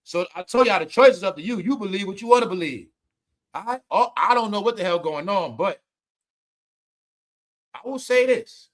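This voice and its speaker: A man doing casual, comedic celebrity gossip commentary, talking loudly, swearing, repeating names and laughing at his own jokes. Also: sits high, expressive, moderate pace, pauses often.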